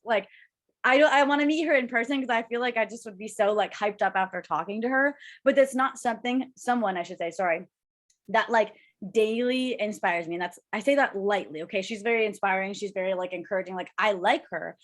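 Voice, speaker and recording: A woman's voice: medium pitch, fairly bright tone. A young woman co-hosting a casual chat, rambling and gushing with emotion. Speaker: co-host.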